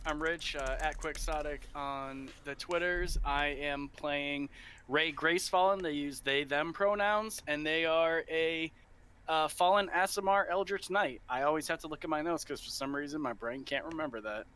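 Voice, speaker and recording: A man's voice: a little high, moderate pace, fairly bright tone, a little hiss or hum. A man introducing himself as a player, hesitant and wry in casual chat.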